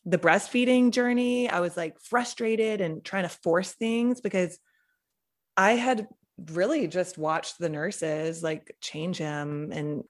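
A woman's voice: fairly low pitch, slow pace. A young woman, a podcast guest, telling a personal story in a chatty way, saying "like" often. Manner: chatty, heavy use of "like".

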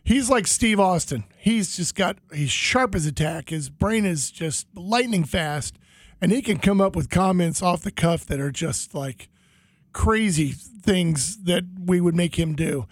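Casual storyteller, man, high voice, dry close mic, animated anecdotes. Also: a little slow, dry recording.

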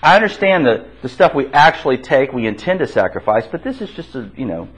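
Man teaching a lively Bible class. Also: mid-range voice, a little fast, husky. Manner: asks the class questions and repeats their answers; conversational, with restarts. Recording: dull lo-fi classroom recording.

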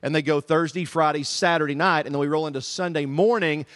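A middle-aged man with a Southern US accent, preaching as a guest speaker in humorous, animated storytelling. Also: on the high side, a little fast. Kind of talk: sermon. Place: church service.

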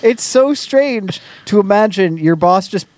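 A man in casual podcast chat, giggly and animated. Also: sits high, a little slow, no echo. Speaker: podcast co-host.

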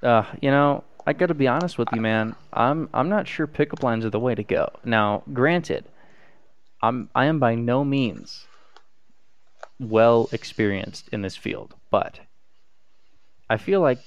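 A young man, a student, chatting casually in a halting, hesitant way, with many restarts and fillers. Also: medium pitch, clean tone, highs cut off. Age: young adult. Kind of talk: casual chat.

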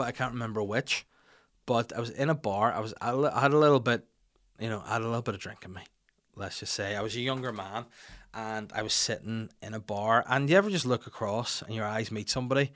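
A young man hosting a podcast, telling a rambling, self-mocking story and getting louder when he quotes himself. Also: medium pitch. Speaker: podcast host. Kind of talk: casual chat and anecdote.

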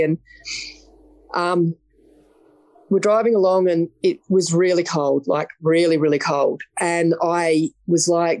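A woman's voice: fairly low pitch, steady tone, normal speed, a little mellow, no room sound. Australian woman telling a blunt story. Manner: vivid, blunt storytelling that acts out quoted dialogue. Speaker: podcast guest. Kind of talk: storytelling in a casual interview.

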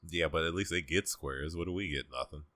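A man's voice: extremely low pitch, a little fast, sharp tone, no room sound, studio quality. A man co-hosting a podcast, chatting casually with teasing wisecracks. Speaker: podcast co-host. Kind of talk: casual chat.

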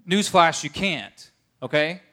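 A man's voice: fairly high pitch, slow, bright, forceful tone. A man preaching a conversational sermon, earnest, often checking in with his listeners.

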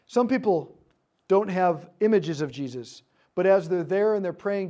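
Soft-spoken man telling a prayer story. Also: high-pitched, expressive, measured pace, dull audio. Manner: soft storytelling, drops to near-hushed tones for quoted prayers. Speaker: speaker leading a prayer ministry session. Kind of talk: teaching talk with a story.

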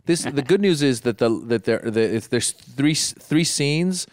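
A man's voice: medium pitch, expressive, measured pace, dry recording, studio quality. A middle-aged man in casual chat, telling a long story and often restarting his sentences. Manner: rambling storyteller, many restarts. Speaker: podcast co-host.

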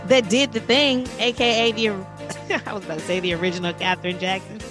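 A woman co-hosting a podcast, reading sponsor shout-outs in a lively, animated way. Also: a little fast, over music. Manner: lively, animated, swings her pitch high and low. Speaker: podcast co-host.

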